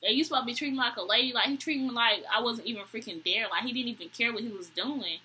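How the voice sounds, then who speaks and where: Husky, bright young woman telling a storytime. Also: fast talker, rough recording. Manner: animated, exasperated, quotes people with high voices. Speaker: vlogger. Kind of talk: storytime vlog, casual chat to camera.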